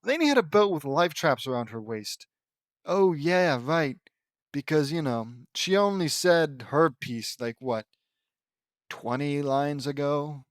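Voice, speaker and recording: A man's voice: animated, measured pace, dry recording, studio quality. A man reading a fan fiction story aloud in a casual way, often stopping to make sarcastic comments about it. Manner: reads lines in a raised pitch and breaks off to comment sarcastically. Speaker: reader of a fan fiction audiobook.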